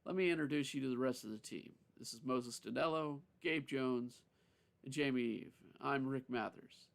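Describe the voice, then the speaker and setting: A man's voice: medium pitch, moderate pace, gravelly, lightly acted. A man voicing a friendly male programmer who leads a team, welcoming in a slightly raised voice.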